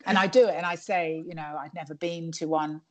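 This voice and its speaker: A woman's voice: deep voice, fairly even intonation, brisk. A woman stand-up comedian chatting in an interview, digressive and full of restarts. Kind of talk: casual interview chat.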